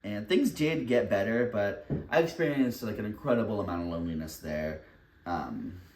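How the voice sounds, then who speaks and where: A man's voice: on the low side, animated, normal speed, a little mellow. Candid young man chatting in an echoey kitchen. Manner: candid, rambling, laughs often, swears casually. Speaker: vlogger. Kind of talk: casual confessional chat while baking. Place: home kitchen, indoors. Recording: echoey room, distant mic.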